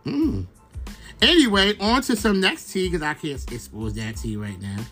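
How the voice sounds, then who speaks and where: A man's voice: high-pitched, expressive, normal speed, fairly bright tone, soft background music. A young man from Brooklyn, hosting a casual, rambling gossip monologue full of fillers and swearing. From Brooklyn, New York. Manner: chatty, profane, rambling with many fillers. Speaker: podcast host.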